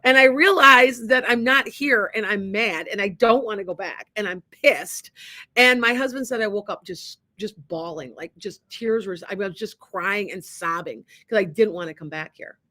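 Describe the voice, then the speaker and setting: A woman's voice: mid-range voice, moderate pace. A middle-aged woman, a medium hosting a radio show, telling a story casually and acting out the dialogue with many restarts. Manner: animated, acts out quoted dialogue, many restarts. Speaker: psychic medium and show host.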